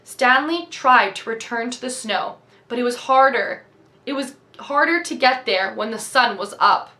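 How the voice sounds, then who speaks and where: A woman reading a novel aloud with steady, expressive storytelling. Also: a little high, measured pace. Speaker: reader.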